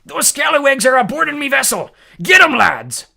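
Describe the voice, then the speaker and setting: A man voicing a gruff, brawny old pirate captain who growls and bellows in rough old-timey speech. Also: very high voice, sing-song, moderate pace, bright, forceful tone, pitched above the performer's own voice, heavily acted. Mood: blustering. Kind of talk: storybook reading.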